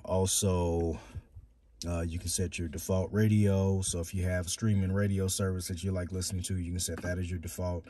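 A man with a deep, somewhat mellow voice, recorded with no room sound, demonstrates a car stereo from his driver's seat. As a car audio reviewer, he rambles casually and hesitantly, using many fillers.

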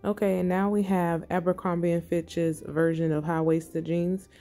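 Quiet breathy woman doing an asmr-ish haul voiceover, low voice, soft music under it. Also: level tone, normal speed. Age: middle-aged. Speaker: fashion vlogger. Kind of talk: soft ASMR-style voice-over.

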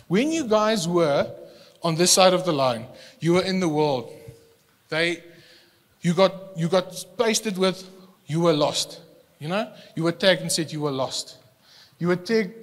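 A male pastor preaching a sermon, animated and given to repeating words as he restarts, speaking without a microphone in a church hall. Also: high-pitched, measured pace, pauses often. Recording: long hall reverb, no microphone.

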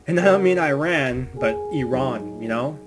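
A man putting on a deliberately bad Jamaican accent, playing a laid-back guy in a joking, clumsy way. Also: medium pitch, big pitch swings, lightly acted. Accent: Jamaican, put on badly. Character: laid-back guy with a mock island drawl. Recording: loud music under the voice.

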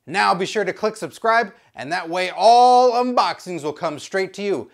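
A man's voice: sits high, lively intonation, moderate pace, few pauses. A man hosting a goofy unboxing video, his voice swinging widely and animatedly from one phrase to the next. He rambles playfully, cracks jokes at the viewer and breaks into silly nonsense noises. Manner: jokey asides, talks to the viewer. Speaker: unboxing show host.

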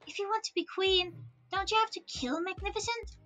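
Woman reading as a high-pitched young dragon girl, excited, sunny, storybook voice. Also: fairly quick, faint music behind. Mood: eager.

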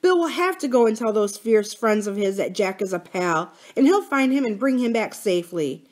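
A woman reading aloud, voicing a brave, practical schoolboy who calms the others in an earnest, steady voice. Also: medium pitch, moderate pace, close to an everyday voice. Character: boy, brave, practical and reassuring.

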